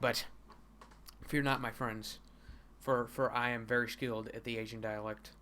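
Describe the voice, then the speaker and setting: Young guy on a stream reading a comic, sarcastic, laughy, bright voice. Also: medium pitch, flat delivery, normal speed, a little hiss or hum. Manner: sarcastic, laughing, stammering restarts. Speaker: livestream host reading a comic. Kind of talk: casual comedic commentary.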